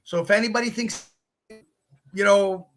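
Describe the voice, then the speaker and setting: A man who calls himself outspoken, chatting casually on a live stream in a halting way with many restarts. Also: high voice, fairly even intonation, fairly bright tone, soft background music. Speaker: regular guest who brings news.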